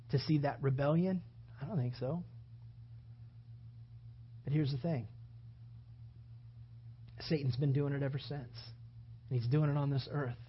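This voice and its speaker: A man's voice: medium pitch, slight background noise. A man preaching a sermon as pastor, building to emphatic, rising bursts. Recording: dull lo-fi sound.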